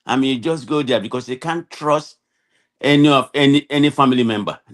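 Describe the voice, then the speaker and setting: A man's voice: medium pitch, fairly quick. A Nigerian man giving his opinion on a call-in discussion, rambling and leaning on "you know" as he talks. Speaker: guest caller.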